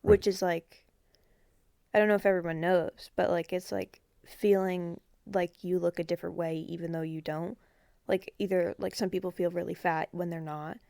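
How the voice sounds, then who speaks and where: A woman's voice: on the low side, little pitch movement, normal speed, creaky, warm tone, no room sound, studio quality. A young woman chatting casually on a podcast, trailing off often and joking about herself. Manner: self-mocking, trailing off with frequent "like". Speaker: podcast guest. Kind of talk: casual chat.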